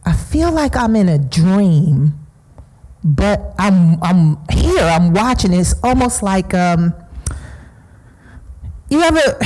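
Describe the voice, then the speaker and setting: A grieving middle-aged woman tells her story to a seminar audience, her voice very dark and low. She speaks in a slow, halting way and often falls into a husky whisper. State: grieving, emotional. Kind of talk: personal testimony talk.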